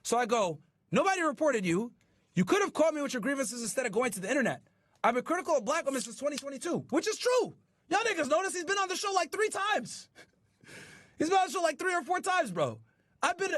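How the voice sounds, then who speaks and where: Lively, high-voiced male streamer. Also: dry recording. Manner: animated, profane, incredulous storytelling. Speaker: streaming show host. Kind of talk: casual commentary to a live chat.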